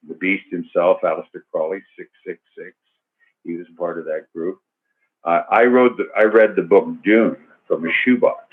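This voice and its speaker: An older man answering student questions in a loose, rambling way, full of fillers and restarts, over a call. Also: low voice. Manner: rambling and verbose, many fillers. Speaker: guest actor. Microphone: video call. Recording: tinny phone-like video call audio.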